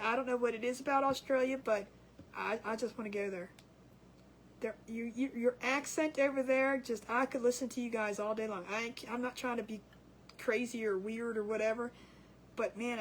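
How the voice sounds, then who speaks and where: High-voiced giggly woman crafting. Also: fairly even intonation, a little fast, slight background noise. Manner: chatty and giggly, rambling with restarts. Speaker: craft livestream host. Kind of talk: casual livestream chat while crafting.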